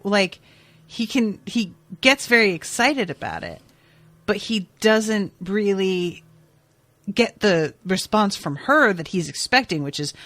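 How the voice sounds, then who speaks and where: A woman podcast host casually recapping a TV episode, chatty and expressive, swearing now and then. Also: mid-range voice, dry recording.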